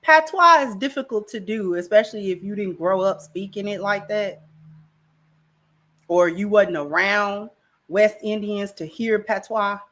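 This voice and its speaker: A woman's voice: mid-range voice, a little slow, fairly bright tone. A woman hosting a livestream, talking casually in a slangy, rambling way on a camera mic. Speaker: livestream host.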